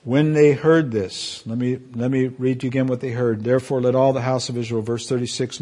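With a warm tone, a male pastor delivers a sermon full of fervor and emotion. His voice rises high whenever the feeling peaks.

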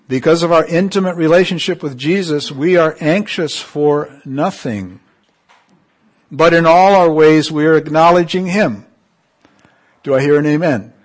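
A man preaching a sermon, calling on the congregation for amens and swinging from emphatic peaks to soft, quiet asides. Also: fairly high pitch. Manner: call-and-response, rising to emphatic peaks then dropping soft.

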